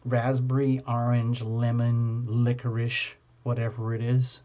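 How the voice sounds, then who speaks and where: A man's voice: mid-range voice, completely flat delivery, unhurried, dark tone, lo-fi sound. A man hosting a casual live-stream tarot reading, talking to his viewers in a chatty, playful way.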